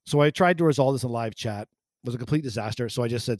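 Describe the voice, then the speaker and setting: A man's voice: medium pitch, animated, fairly quick, no room sound, studio quality. A man co-hosting a podcast, ranting indignantly in casual chat. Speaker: podcast co-host.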